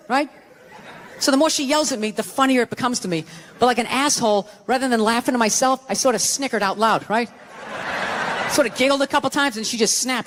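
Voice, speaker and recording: A man's voice: extremely high pitch, fast talker, fairly bright tone. A man doing stand-up comedy, telling a story in a brash, blunt and profane way on a club stage. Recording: live club with noisy crowd.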